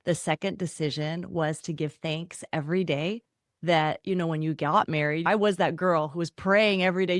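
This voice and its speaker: A middle-aged woman, a guest author in a podcast interview, talking in an animated way and acting out quoted voices. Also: low voice, normal speed, dry recording, clean studio sound.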